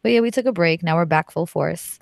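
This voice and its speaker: A woman in her thirties chatting casually on a podcast, blunt and profane, with an animated way of talking. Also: fairly low pitch, brisk, creaky, no room sound, clean studio sound. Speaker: podcast co-host guest.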